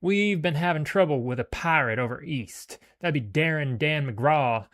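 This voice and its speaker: A man voicing a skeletal male pirate boss with a rasping, drawling, uncouth way of talking. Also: a little high, lively intonation, moderate pace, a bit bright, pitched above the performer's own voice. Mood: sneering. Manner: drawling, thick uncouth accent.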